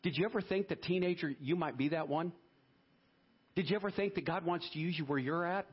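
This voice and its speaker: A man in his fifties, a pastor preaching a lively sermon that moves between joking asides and earnest appeals. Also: on the high side, brisk, slightly rough, dull audio. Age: 50s. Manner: lively, switches between singing, joking and hushed prayer. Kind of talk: sermon with singing and prayer.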